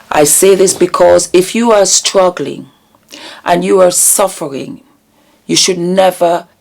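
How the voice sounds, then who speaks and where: A woman hosting her own channel, talking earnestly and emotionally about vulnerability and healing, with deliberate repetitions. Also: on the low side, gravelly, a little mellow. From United Kingdom. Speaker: channel host. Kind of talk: reflective commentary vlog.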